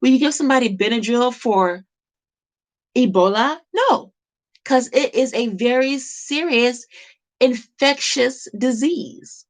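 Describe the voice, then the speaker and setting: A woman's voice: on the high side, slow. A woman talking to camera in an impassioned monologue, emphatic and repetitive, firing off rhetorical questions. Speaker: vlogger.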